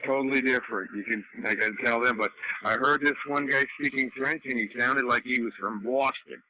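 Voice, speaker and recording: A man's voice: mid-range voice, brisk, sharp tone, poor audio. A man telling stories in a casual chat over the radio. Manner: chatty, storytelling.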